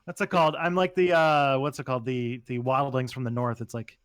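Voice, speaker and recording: A Canadian man with a middle-range voice, chatting on a podcast. He delivers dry jokes and often pauses to search for a word. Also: mid-range voice, little pitch movement, clean tone, dry recording. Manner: dry joking, keeps saying "what's it called". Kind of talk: casual chat.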